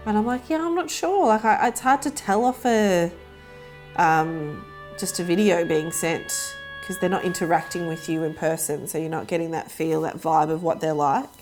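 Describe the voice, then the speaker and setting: A woman recalls auditions from the crew's side, chatty and full of fillers. Her voice sits slightly low. Soft music runs underneath. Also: moderate pace. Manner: chatty, uses many fillers. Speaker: crew member on casting. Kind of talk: documentary interview.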